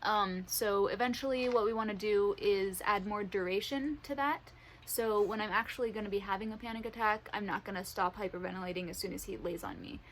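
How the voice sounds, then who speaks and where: A woman training her service dog at home, talking to the camera in a calm, practical way and praising the dog warmly. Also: medium pitch, a little fast, slight background noise, low-quality recording. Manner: upbeat praise to dogs between calm explanations. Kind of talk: casual training vlog. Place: bedroom at home.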